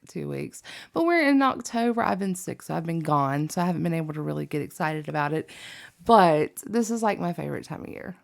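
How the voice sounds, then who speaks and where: Young woman, reaction vlogger, gravelly fry, chatty and rambling. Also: medium pitch. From Alabama, USA. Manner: chatty and rambling, with many ums and likes. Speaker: reaction video host. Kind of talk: casual reaction vlog chat.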